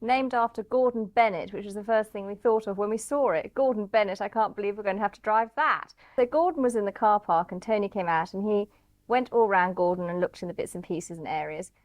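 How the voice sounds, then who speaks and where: A woman recounting a car rally, telling the story in an animated, anecdotal way. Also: mid-range voice, fairly quick, no echo. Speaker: rally participant. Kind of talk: storytelling interview.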